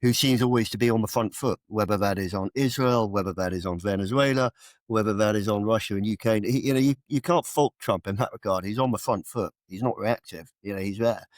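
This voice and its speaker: A middle-aged British man, a retired general, speaking in a low, fairly deep voice. He chats casually and keeps ending points with tag questions like "isn't it?". The sound is dry and close, with no room around it. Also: fairly quick, no room sound. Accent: British English. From England. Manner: talks in tag questions, repeats words as he starts. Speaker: retired army general, guest. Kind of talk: casual conversational interview.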